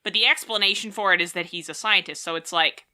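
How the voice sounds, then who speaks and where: A young woman co-hosting a podcast, chatting casually in a playful, animated way and laughing often. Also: on the low side, fast talker. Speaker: podcast co-host. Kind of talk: casual chat.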